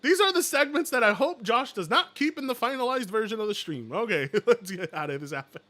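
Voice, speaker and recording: A man chatting casually on a live stream, excitable, joking and swearing. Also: extremely high pitch, brisk.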